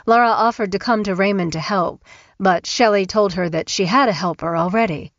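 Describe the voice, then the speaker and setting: A woman narrating an audiobook in a measured, even way. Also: medium pitch, dry recording. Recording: dull, dry studio recording.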